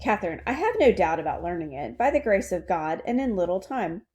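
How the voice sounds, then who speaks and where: A woman's voice: fairly low pitch, very animated, brisk, a little mellow. A woman voicing an eager young French princess who carefully sounds out English words. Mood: earnest.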